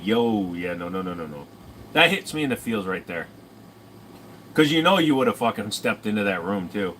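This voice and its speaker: A man's voice: on the low side, animated, moderate pace, a bit bright, a little hiss or hum. A young man casually answering chat on a stream, rambling and cracking profane jokes.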